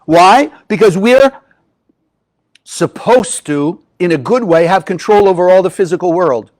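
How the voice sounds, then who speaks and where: Male Kabbalah teacher, high-pitched, lively spiritual talk to a live audience. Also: unhurried, poor audio. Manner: animated, rhetorical questions to the audience. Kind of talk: spiritual lecture.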